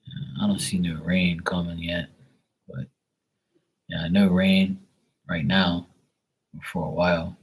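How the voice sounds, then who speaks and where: A man with a very low, husky voice hosts a live stream. He talks in a loose, rambling way and swears freely. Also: flat delivery, slow, pauses often. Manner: rambling, profane and laid-back. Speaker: livestream host. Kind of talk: casual chat.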